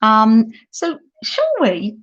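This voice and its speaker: A woman's voice: on the high side, animated, drawn-out words, a bit bright. Chatty middle-aged woman on dull laptop audio. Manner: chatty, reads viewer comments aloud, laughs often. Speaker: craft live stream host. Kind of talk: casual live stream chat. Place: holiday home, indoors at a craft table. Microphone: laptop mic.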